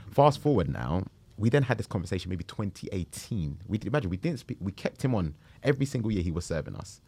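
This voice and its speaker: A man, telling a story in a casual interview, animated and slangy. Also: fairly low pitch, quick pace, gravelly, husky, no echo. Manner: animated, slangy, acts out quotes. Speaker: travel group founder.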